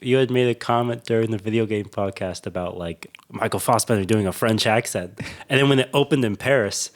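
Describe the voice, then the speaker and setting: A man's voice: on the low side, a little fast. A young man co-hosting a podcast, chatting casually about a film and giving his opinions. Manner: opinionated, talks over partner, frequent "in my opinion". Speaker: podcast co-host. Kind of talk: casual film review chat.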